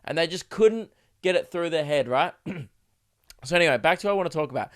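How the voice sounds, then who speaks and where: A man's voice: a little high, animated, fairly quick, a bit bright. A young Australian man, a podcast host who is sick, rambling through a casual solo rant with lots of swearing and restarts. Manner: rambling, self-interrupting, swears freely, acts out quoted voices. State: sick, coughing.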